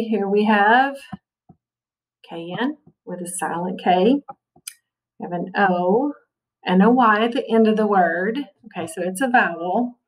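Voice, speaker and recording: A woman's voice: medium pitch, distant mic, rough recording. A woman teacher giving a recorded phonics lesson, patient and checking in with "okay" often.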